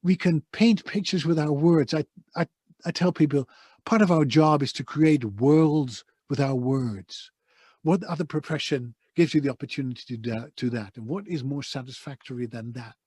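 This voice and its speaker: A Dutch-accented man from the Netherlands, a voice-over artist, tells his story with passion and emphasis from a soundproof home studio. His voice is fairly high, with a darkish tone and a breathy edge, at a moderate pace with no echo. It's conversational interview storytelling.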